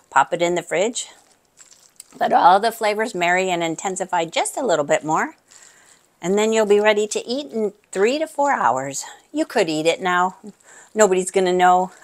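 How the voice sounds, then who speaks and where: Woman cooking-channel host, slightly low voice, casual kitchen demo, friendly, talks to camera, murmurs "mm" while tasting. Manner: chatty, talks straight to viewers; savoring, with appreciative murmurs.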